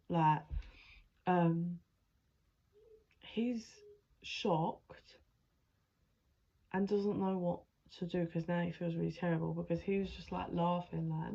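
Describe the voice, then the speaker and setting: A woman's voice: lowish voice, steady tone, a little slow, gravelly, dark tone, lo-fi sound. A woman giving a channeled tarot reading in a rambling, emotional way, swearing freely as she narrates. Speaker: spiritual adviser, tarot reader.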